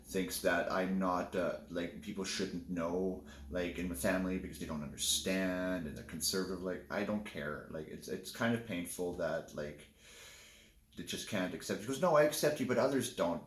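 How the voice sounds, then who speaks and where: Low-voiced man telling a candid story. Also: steady tone, normal speed, echoey room, a little hiss or hum. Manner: candid, rambling, with many restarts. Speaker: vlogger. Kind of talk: casual personal storytelling.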